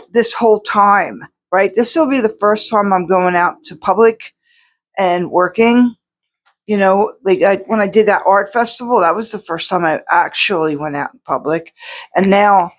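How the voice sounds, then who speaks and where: A woman artist chatting to her viewers at home in a rambling, casual way, full of restarts and fillers. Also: medium pitch. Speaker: outsider artist vlogger. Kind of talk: casual chat to camera.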